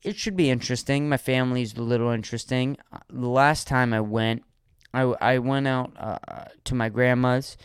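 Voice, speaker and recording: A man and comedian, from Erie, Pennsylvania, talking alone on his podcast in a rambling, animated way, swearing freely. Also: medium pitch, moderate pace, clean tone, no echo. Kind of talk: solo podcast monologue.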